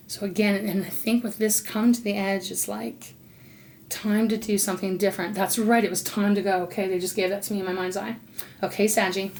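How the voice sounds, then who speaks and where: A woman doing an intuitive tarot reading, talking in a loose, rambling way and pausing to ask her spirit guides. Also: medium pitch, slight background noise. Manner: rambling, warm-hearted, talks to spirit guides between cards. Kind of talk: casual spoken tarot reading.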